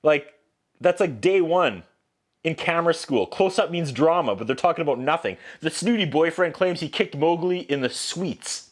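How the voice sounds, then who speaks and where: A man's voice: fairly high pitch, moderate pace. A man recapping a movie as a reviewer, with a sarcastic, joking manner. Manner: sarcastic, animated, puts on voices for quotes.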